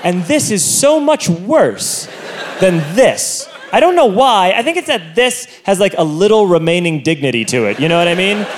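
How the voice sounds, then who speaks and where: A man doing a stand-up comedy routine on stage, telling a self-mocking story with loud outbursts into a handheld mic. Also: sits high, very animated, normal speed, a little hiss or hum. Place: comedy stage before an audience. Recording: live comedy show with audience laughter.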